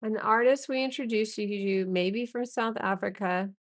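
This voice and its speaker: A chatty woman artist chats with her stream audience between drawing strokes, loose and jokey as she reads viewers' names. Her voice sits at an ordinary middle pitch. The sound is close and dry. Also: moderate pace, dry recording. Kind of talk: casual live-stream chat while drawing.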